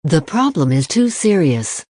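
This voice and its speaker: A man's voice: fairly high pitch, big pitch swings, a little slow, darkish tone, no room sound, clean studio sound. A narrator voicing a suspicious, hardline man who speaks insistently, in an audiobook reading. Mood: wary.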